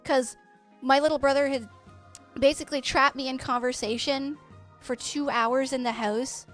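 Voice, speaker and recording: A Canadian woman with a high voice and a steady tone talks at a normal speed, with faint music playing behind her. She streams a game while telling chatty, rambling stories and swears freely, keeping the talk casual.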